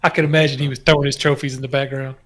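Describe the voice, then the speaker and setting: A man's voice: medium pitch, flat delivery, racing, fairly bright tone, a little hiss or hum. A man co-hosting a sports podcast in wry, laid-back casual chat. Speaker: podcast co-host.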